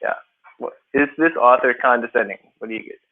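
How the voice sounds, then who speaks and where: A man's voice: mid-range voice, a little fast, slight background noise. A man tutoring a small class, asking questions and acting out word meanings. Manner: animated, questions students, acts out examples. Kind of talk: classroom teaching. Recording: phone-like narrow audio.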